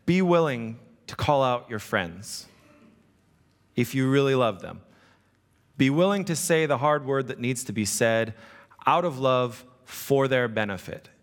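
A male pastor preaching a casual, conversational sermon, often checking in with the congregation. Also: mid-range voice. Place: church sanctuary. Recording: long reverb of a hall.

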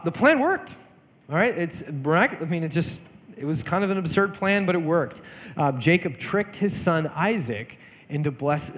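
A man preaching in a relaxed, chatty way, retelling an old story as if gossiping with friends. His voice sits a little high for a man, and a long reverb trails each phrase. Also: slight background noise. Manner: chatty, conversational, acts out voices of characters. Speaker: pastor. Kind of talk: casual sermon retelling scripture. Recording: hall reverb.

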